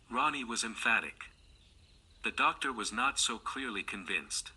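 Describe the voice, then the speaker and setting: Male narrator for a classic mystery audiobook; cutting, husky tone, steady delivery. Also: medium pitch, measured pace. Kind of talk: scripted narration.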